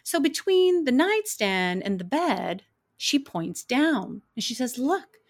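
A woman with a slightly high-pitched voice tells stories from her work as a crime scene investigator in a casual, chatty way. She is animated and wry, and laughs as she tells them. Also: slow pace. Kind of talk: casual anecdotal storytelling.

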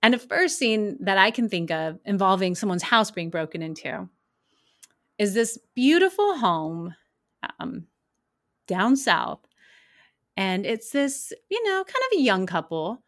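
A woman who works as a crime scene investigator, casually telling wry, animated stories from her work. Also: medium pitch, a little slow. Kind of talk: casual anecdotal storytelling.

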